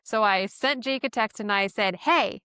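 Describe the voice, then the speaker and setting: A woman's voice: mid-range voice, normal speed, sharp tone, smooth, dry recording. A woman hosting a podcast, telling a personal story in a chatty, self-deprecating way and laughing often. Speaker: podcast host.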